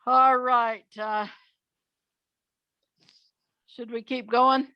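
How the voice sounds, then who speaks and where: Slow older woman telling fairy tales. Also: on the high side, flat delivery, dry recording, dull audio. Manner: unhurried, with frequent "uh" pauses. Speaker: storyteller.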